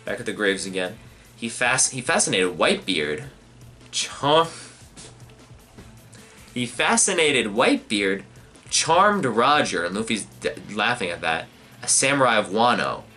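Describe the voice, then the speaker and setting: Dude with a lowish bright voice doing a live reaction, thinking out loud, cussing a bit, faint music behind. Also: male voice, big pitch swings, unhurried, long pauses. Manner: thinks aloud while reading, swears, many fillers. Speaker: manga reaction channel host. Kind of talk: casual live reading and reaction.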